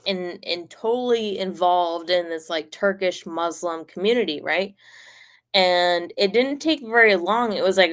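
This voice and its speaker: A woman streamer telling a personal story casually, rambling and filled with "like", swearing freely and getting animated. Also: on the low side.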